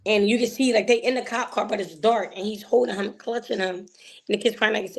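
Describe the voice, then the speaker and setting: A woman, a guest telling an emotional personal story in an animated way, acting out the voices she quotes. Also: mid-range voice, fairly quick.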